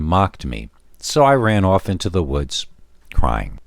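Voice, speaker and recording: A man with a very deep voice narrates a first-person scary story in a measured, steady way. The sound is dry and close, with no room around it. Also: gravelly, no room sound.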